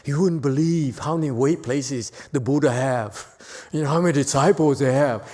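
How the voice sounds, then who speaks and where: A man giving a Buddhist dharma lecture in a temple hall, playful and teasing, jumping from loud emphatic lines to quiet asides. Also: medium pitch, moderate pace, few pauses. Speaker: Buddhist teacher.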